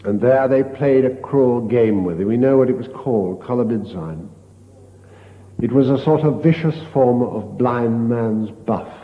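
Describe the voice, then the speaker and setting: An older man, a priest, giving a retreat meditation as a slow, storytelling sermon with hushed quoted lines. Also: medium pitch. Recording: dull lo-fi tape in a reverberant hall.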